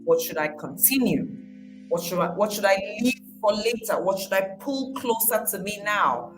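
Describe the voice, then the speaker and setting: A woman's voice: medium pitch, expressive, normal speed, rough recording. Woman giving a casual pep talk over music. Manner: conversational, repeats phrases, acts out quoted voices. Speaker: motivational speaker.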